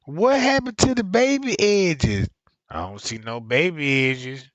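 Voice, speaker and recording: A man streaming casual reaction commentary, dragging his words out slowly while his pitch leaps all over the place. He roasts with loud, profane mockery. The sound is dull and lo-fi, dry and close. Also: animated, dry recording.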